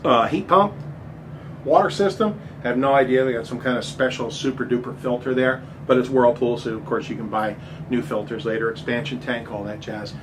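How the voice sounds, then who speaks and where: Inside a large, empty house, a middle-aged man in the role of a real estate agent gives a rambling, jokey tour to the camera, a bit out of breath. His mid-range voice holds a steady tone and moves a little fast. Expect background noise and echo from the empty rooms.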